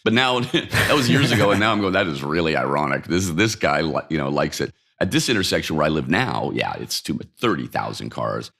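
A man in his fifties from Denmark speaks in an extremely deep voice. He argues his points with animated rhetorical questions and quick answers. He is chatting casually as an interview guest in his apartment. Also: gravelly, slightly rough. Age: 50s. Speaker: interview guest, urban mobility expert. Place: apartment by a busy street.

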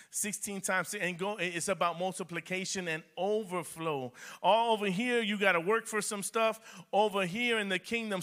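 A man's voice: high voice, sharp tone. A man preaching a sermon in a church as pastor, repeating phrases and building emphasis. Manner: preaching with rising emphasis and repetition.

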